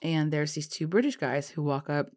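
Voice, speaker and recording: Woman, deep voice, casual storyteller, filler-heavy, animated. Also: normal speed. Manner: chatty, lots of fillers like "um" and "you know"; lively, acts out dialogue in her story.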